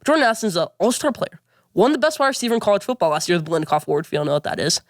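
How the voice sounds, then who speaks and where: Rapid-fire rambling sports vlogger. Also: medium pitch, sing-song, dry recording, clean studio sound. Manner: rapid, rambling, repeats his points. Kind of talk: opinionated sports commentary.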